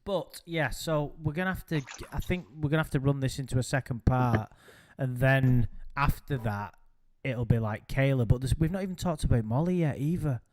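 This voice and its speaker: A man's voice: mid-range voice, moderate pace, a little mellow, no room sound. A man hosting a casual chat, rambling and hesitant with frequent ums. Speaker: podcast host.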